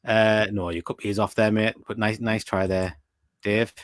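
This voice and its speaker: A man's voice: on the low side, flat delivery, moderate pace, no echo, clean studio sound. A young British man hosting a casual podcast chat, teasing his co-host and reading out quiz questions and listener comments. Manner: chatty, teasing, reads listener comments aloud.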